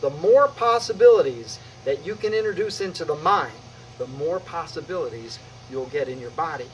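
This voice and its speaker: A middle-aged man with a fairly high voice leads qi gong exercises step by step. He talks with energy, punching out each strike with a loud "boom". Faint noise hums behind him. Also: normal speed, low-quality recording. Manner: energetic, emphatic, punctuating moves with "boom". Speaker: qi gong instructor. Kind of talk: demonstrating exercises on video.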